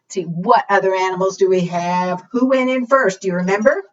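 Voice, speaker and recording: A woman librarian reading a picture book to preschool children, animated, asking them questions and singing along. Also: mid-range voice, a little fast. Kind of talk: preschool storytime read-aloud. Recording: distant, dull lo-fi sound.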